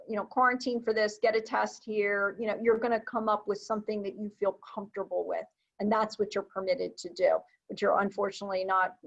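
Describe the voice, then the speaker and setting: A woman presenting a recorded training webinar, explaining in a conversational way with frequent fillers. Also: mid-range voice. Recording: dull, lo-fi webinar audio.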